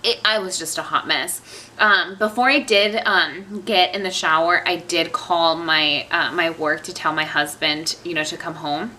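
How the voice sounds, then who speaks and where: Young woman, vlogger, casual storytelling, bright forceful tone, slightly low voice, rambling with lots of fillers, faint room ambience. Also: steady tone, unhurried, slight background noise. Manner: chatty, rambling, many fillers and asides. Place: at home.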